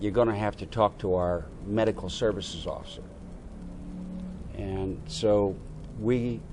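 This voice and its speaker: An older American man, a veteran, telling a lively story from his youth and acting out the dialogue. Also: fairly low pitch, a little hiss or hum. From United States. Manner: animated anecdote-telling with quoted dialogue. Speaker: veteran interviewee. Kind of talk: oral history storytelling.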